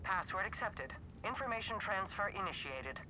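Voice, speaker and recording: A woman voicing a wry female mission handler in a video game, speaking briskly. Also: mid-range voice, expressive, lightly acted. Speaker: game character giving orders. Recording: game audio with background noise.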